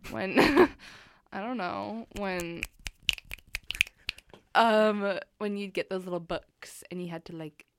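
Giggly young woman with vocal fry. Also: medium pitch, slow, long pauses, noisy background. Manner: giggly, playful, laughs often. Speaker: radio host. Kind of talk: casual chat.

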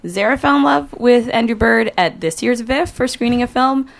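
A woman's voice: on the high side, normal speed, gravelly. A young woman co-hosting a campus radio show in the studio, playful and teasing in casual chat.

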